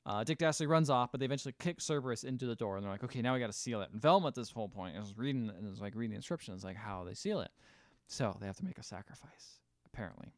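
A man's voice: lively intonation, very fast, no room sound. A man co-hosting a podcast, recapping a film in casual chat, rambling and joking, dry close mic. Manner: rambling, jokey, acts out lines in high silly voices. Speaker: podcast co-host.

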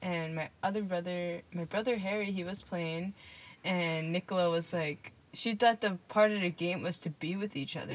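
A woman's voice: medium pitch, expressive, moderate pace. A young woman hosting a casual podcast, telling stories and teasing her guest with giggles. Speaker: podcast host.

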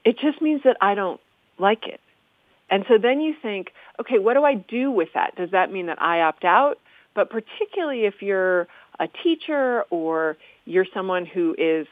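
A woman who studies the history of the language talks through word pronunciations with articulate, lecturing ease. Her voice sits at a middling pitch and comes through a narrow, phone-like channel. The sound is dry, with no room around it. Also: no echo. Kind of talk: conversational explanation.

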